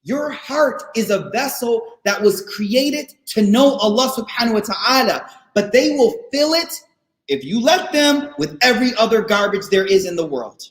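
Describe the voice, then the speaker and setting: Male guest speaker, high-pitched, casual and animated with students, repeats lines for emphasis; echoey room sound. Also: normal speed. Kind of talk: casual faith talk to students. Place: online session, room not known. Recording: roomy echo.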